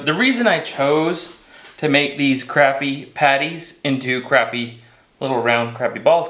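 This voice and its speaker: An outdoor cooking show host runs a casual demonstration in a kitchen, his medium-pitched, slightly bright voice reverberating. He jokes, pokes fun at himself and rambles his way through the recipe.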